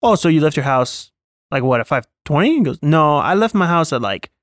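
A man's voice: on the high side, brisk, no room sound, studio quality. A man co-hosting a podcast, chatting casually about a film and acting out lines from it as he retells it. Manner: animated storytelling, acting out quotes. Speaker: podcast co-host. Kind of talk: casual chat reviewing a film.

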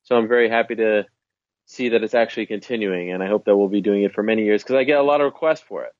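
A man's voice: fairly low pitch, fast talker, no echo, muffled recording. A man guesting on a podcast, chatting casually and emphatically about his own show. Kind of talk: casual interview chat.

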